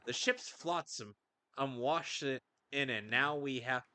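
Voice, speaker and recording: A man's voice: medium pitch, unhurried, bright, forceful tone. A man voicing a pompous, dramatic rich merchant in a video game, with grand old-fashioned phrasing. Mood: wistful.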